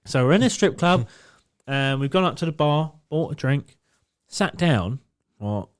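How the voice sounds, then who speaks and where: A young man on a podcast, telling a swearing, animated anecdote with quoted voices in casual chat. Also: fairly high pitch, a little slow, smooth. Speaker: podcast co-host.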